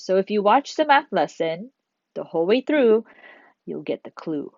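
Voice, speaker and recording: A woman's voice: medium pitch, big pitch swings, normal speed, vocal fry, darkish tone, no echo, dull audio. A woman teaching a recorded grammar lesson to third graders, chatty, asking and answering her own questions.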